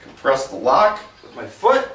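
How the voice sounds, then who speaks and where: A man's voice: medium pitch, huge pitch swings, a little slow, fairly bright tone. A man casually narrating how he sets up DJ gear, talking to himself as he works, a little out of breath from the lifting. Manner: chatty, self-narrating while working, mild humor. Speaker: mobile DJ demonstrating gear. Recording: echoey room, mic far off, faint hiss.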